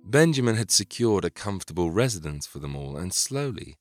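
A man narrating a scripted historical story in a measured, dramatic way. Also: low-pitched, very animated, soft background music.

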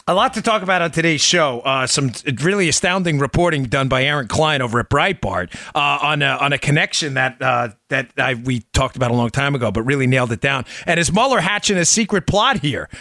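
A man hosting a political talk show, talking in an animated, exasperated, ranting way. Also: mid-range voice, fairly quick, hardly any pauses, dry recording, clean studio sound. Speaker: radio show host.

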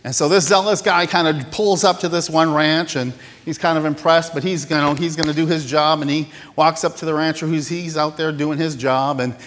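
Man, pastor, sermon, conversational, self-deprecating, fairly high voice, long church reverb. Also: fairly even intonation, normal speed, few pauses, fairly bright tone.

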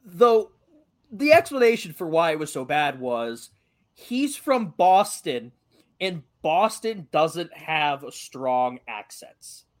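A man's voice: on the high side, big pitch swings, slow. A young man from Massachusetts with a light local accent, co-hosting a podcast in casual, joking chat and swearing freely. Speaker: podcast co-host.

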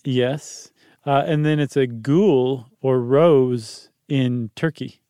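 A man co-hosting a podcast in casual chat, playful and teasing with quick asides. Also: mid-range voice, warm tone, smooth, no room sound, clean studio sound. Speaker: podcast co-host.

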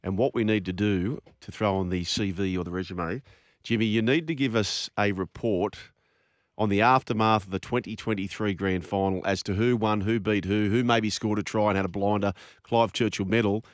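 A man hosting a sports radio show, jokey and brisk. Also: lowish voice, steady tone, no echo, clean studio sound. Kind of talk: casual sports radio chat.

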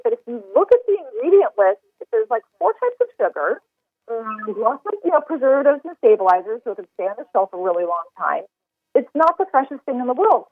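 An upbeat woman chef and recipe developer, whose high voice has a breathy edge, speaks over a phone line in a casual podcast interview. She's enthusiastic and talks fast in long run-on explanations, and the tinny line sounds dry.

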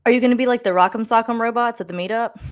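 A woman's voice: on the high side, racing. A woman hosting a podcast, chatting casually and steering the talk back to the topic. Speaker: podcast host.

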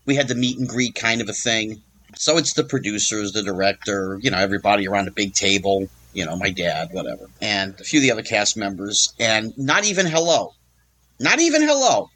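Speaking a little fast in a fairly low voice, this interview guest livens up his anecdote by performing the voices of each person he quotes.

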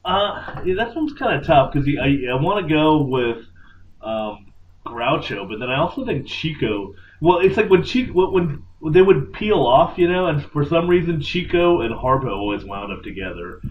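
A man's voice: on the high side, lively intonation, moderate pace, dull audio, a little hiss or hum. Laid-back male podcast co-host. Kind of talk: casual chat.

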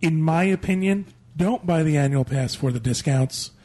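A man's voice: fairly high pitch, moderate pace, warm tone, slightly rough. A man co-hosting a podcast, giving matter-of-fact advice in casual chat. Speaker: podcast co-host.

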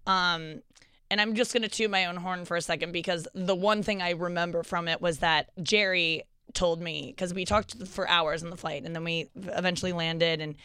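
A woman's voice: fairly low pitch, normal speed, clear, resonant tone, no echo, studio quality. A young woman from St. Louis telling a story in a casual, chatty podcast conversation, full of fillers. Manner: animated, chatty, lots of fillers and laughs.

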